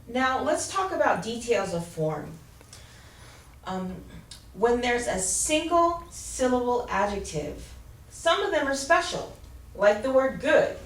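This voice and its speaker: A woman teaching an English grammar lesson, explaining slowly and clearly and spelling out letters. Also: on the high side, very animated. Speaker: ESL teacher. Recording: roomy, distant mic with faint ambience.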